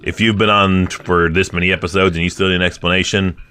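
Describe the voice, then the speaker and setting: A man's voice: sits low, flat delivery, quick pace, sharp tone, soft background music. A man co-hosting a podcast in casual chat, blunt and jokey, swearing often. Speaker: podcast co-host.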